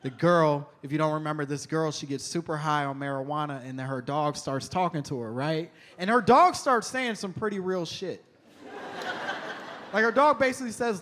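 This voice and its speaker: A man performing a stand-up comedy set on stage, telling stories in an animated, conversational way. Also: high voice, normal speed.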